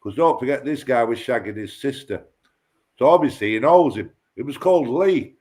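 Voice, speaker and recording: A man's voice: mid-range voice, expressive, moderate pace, a little mellow. A man telling a rambling, sweary story on a casual livestream chat, repeating himself and tripping over his words.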